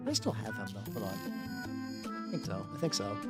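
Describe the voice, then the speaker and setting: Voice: low-pitched, wildly swooping pitch, fairly quick. A streamer chatting casually with live viewers while painting miniatures, rambling and leaning hard on "like", with lots of restarts. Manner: rambling, heavy use of 'like', frequent restarts. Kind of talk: casual livestream chat with viewers. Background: faint background music.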